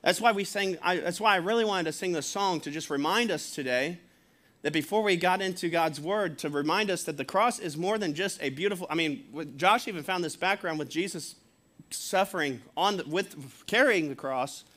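A male pastor gives a sermon in a relaxed, conversational voice that sits fairly high. He chuckles as he goes and slips into acted quotes. He speaks plainly to a church. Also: moderate pace.

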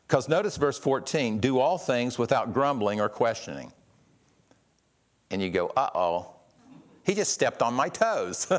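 Conversational male pastor preaching. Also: medium pitch. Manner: conversational, acts out quotes with shifts in voice. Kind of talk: sermon.

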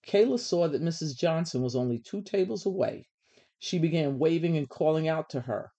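Woman narrator for kids' audiobook; gentle, measured, warm dark timbre. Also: sits low, muffled recording. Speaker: storybook reader. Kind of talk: children's story reading.

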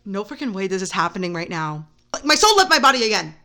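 A young woman hosting a solo podcast, telling a story in an excitable, rambling way full of "like". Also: mid-range voice, quick pace. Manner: rambling, excitable, heavy use of "like". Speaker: podcast host. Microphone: camera mic.

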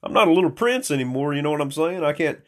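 A man in a small room at home talking into a phone, rambling and swearing in a slightly hoarse stream of consciousness. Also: on the high side, expressive, fast talker. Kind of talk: rambling casual monologue.

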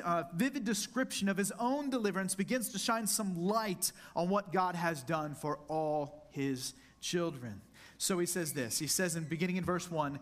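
A male pastor preaching a sermon, earnest and intimate, slowing down to dwell on scripture and addressing the congregation directly. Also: high-pitched.

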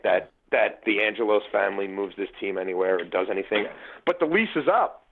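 Through thin phone-line sound with a little hiss or hum, a fairly low-voiced man talks at a fairly quick clip. He's a forties-aged Baltimore-area podcast guest casually recounting sports memories, animated and full of fillers and restarts.

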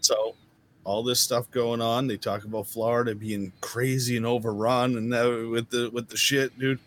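A man co-hosting a podcast in casual chat, quick to laugh along. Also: medium pitch, slight background noise. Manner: laughs along, lively reactions. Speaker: podcast co-host.

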